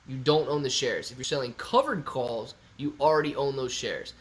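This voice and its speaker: A man's voice: mid-range voice, fairly bright tone. A man from Ohio hosting a stock livestream in a casual, chatty way, reading viewer comments aloud and answering them.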